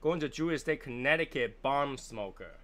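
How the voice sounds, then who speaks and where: A man's voice: mid-range voice, lively intonation, moderate pace, bright, forceful tone. A man with a Chinese accent hosting a casual cigar livestream, chatty and joking as he answers viewers. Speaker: livestream host reviewing cigars. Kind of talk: casual live chat.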